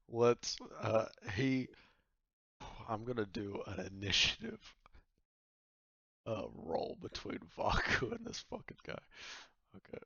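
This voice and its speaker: A man running a tabletop game with a gravelly, creaky voice. He narrates loosely and swears freely. The recording is dry and a little dull. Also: on the low side, fairly bright tone, no echo. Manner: casual, laughing, swearing often. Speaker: game master.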